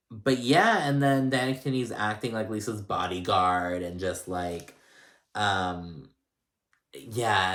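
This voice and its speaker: A man's voice: lowish voice, fairly bright tone. A man casually recapping a reality show, gossipy and blunt, with lots of "like" and swearing. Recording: echoey room.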